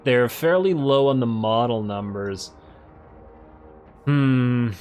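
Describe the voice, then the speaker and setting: A man hosting a let's play, casually commenting on a strategy game while thinking aloud, correcting himself and getting excited. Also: medium pitch, soft background music. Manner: excitable, quick to laugh.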